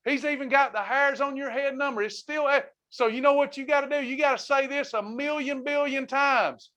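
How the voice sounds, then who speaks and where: A man's voice: extremely high pitch, steady tone, moderate pace, bright, forceful tone. A man leading a faith-based wellness class, preaching with fervor and reading out members' comments as he goes. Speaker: wellness ministry leader. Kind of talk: preaching to a live online class.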